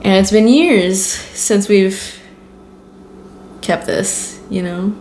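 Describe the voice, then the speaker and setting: A woman's voice: medium pitch, very slow, darkish tone. Young woman chatting in an echoey room. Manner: candid storytelling, swears freely, lots of "like". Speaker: podcast host. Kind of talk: casual chat. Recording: echoey room with faint noise.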